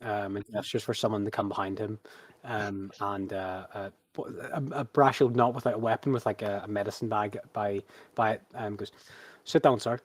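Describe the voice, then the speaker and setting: A man's voice: lowish voice, steady tone, moderate pace, no echo. A man narrating a tabletop game as game master, rambling with many fillers.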